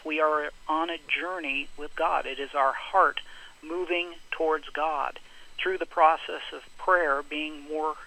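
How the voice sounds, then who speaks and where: A middle-aged man, a pastor and spiritual director, answering as a radio interview guest in an earnest, measured way with preacherly emphasis. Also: a little high, steady tone, gravelly, pushed and bright, poor audio.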